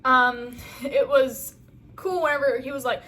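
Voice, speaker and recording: A woman reviews a TV episode for a fan video in casual, enthusiastic chat that rambles, full of "um" and "like." Her high voice is pushed and bright, unhurried, with fairly even intonation, and there's slight background noise.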